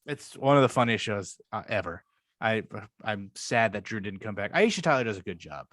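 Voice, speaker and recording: This is a male podcast co-host in casual conversation, gushing about a favorite comedy show in a rambling, foul-mouthed retelling. He speaks briskly in a fairly low, slightly bright voice with big swings in pitch. The studio sound is clean and echo-free.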